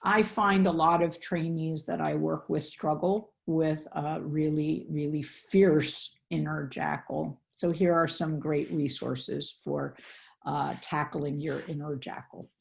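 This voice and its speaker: A woman's voice: deep voice, fairly even intonation, slow pace, gravelly. A woman presenting a wellness webinar in an earnest, coaching way, acting out inner self-talk voices.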